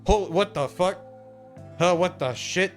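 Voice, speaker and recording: A man's voice: sits high, unhurried, soft background music. A man streaming a video game, chatting casually and animatedly, swearing often and mocking himself.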